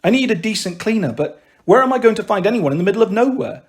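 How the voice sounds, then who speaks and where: In an audiobook reading, a man voices a harried, emotional working-class mother who scolds her daughters in exasperation, sounding weary. He speaks fast in a high-pitched voice with lively intonation.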